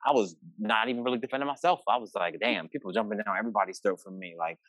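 Fast-talking young man, low voice. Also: dry recording. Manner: animated storyteller, acts out quoted family lines, swears freely. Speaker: guest. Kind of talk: casual podcast chat.

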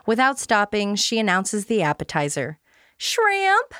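Podcast host, woman, mid-pitch; reads a scripted recap with wry humor, dry close sound. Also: lively intonation, normal speed, dry recording. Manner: playful, self-deprecating humor. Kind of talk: scripted recap read aloud.

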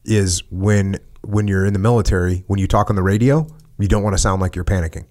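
A man from the United States, a podcast host, talking in a relaxed conversation and telling stories in a steady, reflective way. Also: sits low, fast. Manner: reflective, retells radio calls in a calm level voice. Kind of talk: casual conversation.

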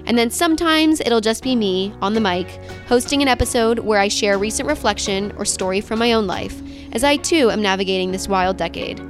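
A woman's voice: mid-range voice, lively intonation, fairly quick, hardly any pauses, soft background music. A woman in her twenties hosting a podcast, bubbly and enthusiastic, reading her intro and chatting with her guest. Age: 20s. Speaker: podcast host. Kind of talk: scripted intro, then casual interview chat.

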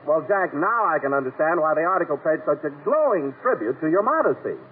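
A man as the announcer in a 1940s radio comedy, earnest and flattering, heard on an old broadcast recording. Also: fairly high pitch, a little fast, narrow, tinny audio, slight background noise.

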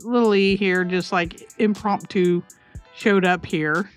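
Woman podcast host, lively storyteller, casual swearing, faint music behind. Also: mid-range voice, takes it slowly, smooth. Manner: animated storyteller, swears, acts out voices. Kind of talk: casual chat.

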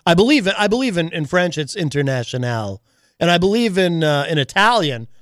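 Lively, playful male radio host. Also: high voice, fairly quick, no room sound, studio quality. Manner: playful, mock-dramatic, teasing. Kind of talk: casual radio chat. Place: radio studio.

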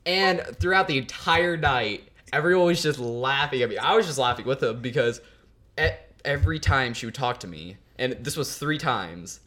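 A man's voice: mid-range voice, moderate pace, pushed and bright. A teenage boy, a guest on a podcast, telling a story in a rambling, casual way. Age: teens. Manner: rambling, many fillers.

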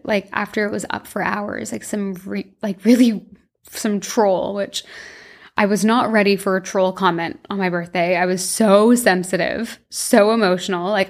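A young woman hosting her own podcast, talking casually and candidly, rambling with lots of fillers and laughing at herself. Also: mid-range voice. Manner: candid and self-deprecating, laughs often. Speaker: podcast host. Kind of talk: casual solo podcast chat.

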